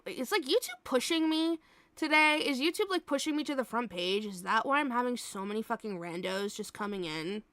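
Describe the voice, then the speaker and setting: A woman's voice: fairly high pitch, expressive, fairly quick, fairly bright tone, dry recording. A young adult woman streaming live, chatting casually with viewers in a blunt way, swearing freely and laughing often.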